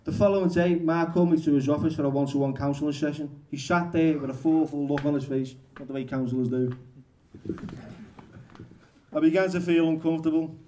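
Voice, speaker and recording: A male author reading his memoir aloud at a bookshop event, halting and correcting himself as he goes. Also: a little high, steady tone, mellow. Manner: halting, restarts and self-corrections.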